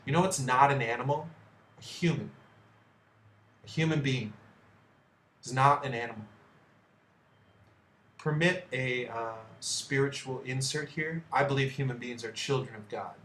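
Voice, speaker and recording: Male host, mid-pitched, profane and heated rant, echoey room. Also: unhurried, long pauses, fairly bright tone. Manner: profane, heated, blunt asides. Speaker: video host. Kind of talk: ranting commentary on news articles.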